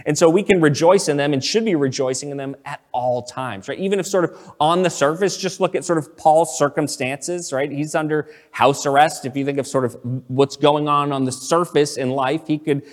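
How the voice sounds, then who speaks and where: A man's voice: on the high side, normal speed, hardly any pauses. Man preaching conversationally in a reverberant hall. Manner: conversational, many fillers and restarts. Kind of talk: sermon.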